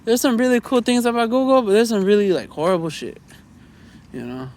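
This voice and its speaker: A man's voice: sits high, sing-song, brisk, a little mellow. A Mexican-American man from the States talking outdoors in a loose, chatty vlog monologue, full of "you know" and "man" and swearing. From United States. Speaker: vlogger. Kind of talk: rambling casual monologue.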